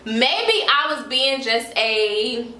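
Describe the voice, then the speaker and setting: An American woman tells a storytime vlog, animated and dramatic, tossing in slangy asides. Her voice sits high and sounds bright and sharp. The room around her rings with echo. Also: very slow. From United States. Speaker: vlogger.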